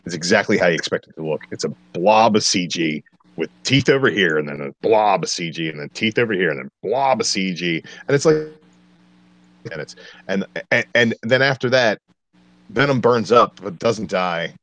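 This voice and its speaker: A man with a very deep, low-pitched voice ranting through a movie review, blunt, exasperated and profane. The sound is dry and close, with no room around it. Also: expressive, normal speed, fairly bright tone, no room sound. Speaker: podcast co-host.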